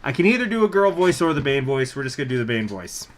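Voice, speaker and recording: A man's voice: mid-range voice, big pitch swings, fast, hardly any pauses. A man giving casual, rambling let's-play commentary, joking and swearing freely. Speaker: game streamer.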